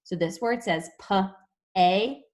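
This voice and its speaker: A young woman teaching a phonics lesson to young children over a video call, explaining slowly and clearly. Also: mid-range voice, a little mellow. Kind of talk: online class phonics lesson.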